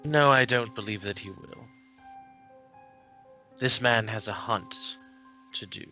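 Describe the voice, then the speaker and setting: A man playing a mysterious male stranger who speaks slowly and formally in a tabletop game. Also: mid-range voice, bright, forceful tone, highs cut off, soft background music. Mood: calm.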